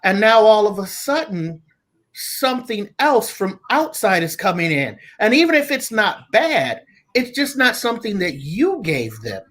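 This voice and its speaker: A man talking as a guest father, reflective and halting, with frequent restarts. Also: sits high, very animated, fairly bright tone. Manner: slow, thoughtful, halting with restarts. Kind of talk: reflective casual talk.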